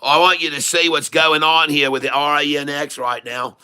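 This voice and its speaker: A man's voice: fairly high pitch, little pitch movement, moderate pace, pushed and bright, clean tone. A man hosting a casual day-trading livestream, talking in a folksy, joking, rambling way.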